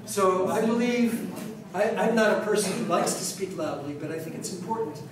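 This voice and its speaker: A man's voice: high voice, expressive. American man lecturing in an echoey hall. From New York City, United States. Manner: conversational, repeats and restarts, speaks up deliberately. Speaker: pronunciation teacher. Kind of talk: conference talk. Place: large conference hall. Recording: echoey hall, distant mic, faint noise.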